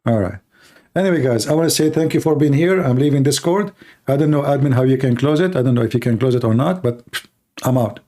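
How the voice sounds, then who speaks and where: A man's voice: mid-range voice, quick pace, dark tone. Sarcastic rambling man with an Arabic accent. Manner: sarcastic, rambling with many fillers. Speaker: live stream host. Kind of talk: mocking casual monologue.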